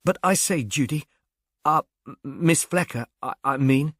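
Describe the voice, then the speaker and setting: A man's voice: fairly high pitch, measured pace, fairly bright tone, no echo, studio quality. A man voicing a shy, earnest young Englishman who stammers and speaks diffidently. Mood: shy, hopeful. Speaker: reader.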